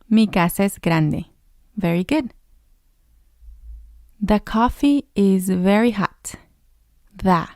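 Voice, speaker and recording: A woman teaching a beginner language lesson, patiently asking each question, answering it herself and pausing for the learner to repeat. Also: mid-range voice, mellow, no echo, clean studio sound. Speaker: Spanish teacher.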